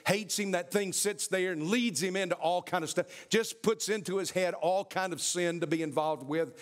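Man, preacher, sermon, emphatic, repeats himself, fairly high voice. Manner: emphatic, repetitive, addresses the congregation directly.

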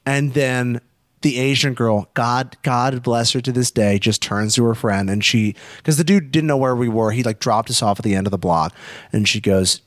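A man's voice: mid-range voice, normal speed, no room sound, studio quality. A young man telling a wild story on a podcast, cursing freely and acting out the other people's voices. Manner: animated, profane, acts out voices.

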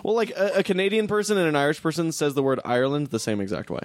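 A man's voice: fairly high pitch, rapid-fire, dry recording, clean studio sound. A man co-hosting a casual podcast, joking around and laughing often. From United States. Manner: laughs often, jokey impressions. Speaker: podcast co-host. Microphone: studio microphone.

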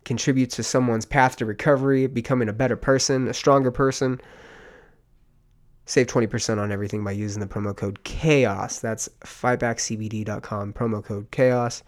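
A man's voice: mid-range voice, steady tone, normal speed. A man hosting a solo podcast, ranting in a rambling, profane, fired-up casual way. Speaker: podcast host.

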